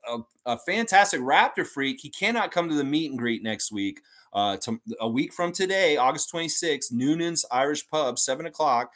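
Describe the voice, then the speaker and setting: A man hosting a fan channel livestream in a casual, rambling chat, reading out viewer comments and talking on at length. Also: mid-range voice. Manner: rambling and animated, with many fillers like "and stuff like that".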